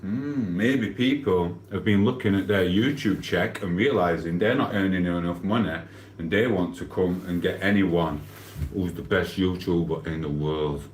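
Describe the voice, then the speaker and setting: A man with a fairly low voice hosts a casual live stream, reading viewers' comments aloud. His delivery is blunt and offhand. The sound is roomy and echoey. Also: moderate pace, a little hiss or hum. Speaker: livestreamer.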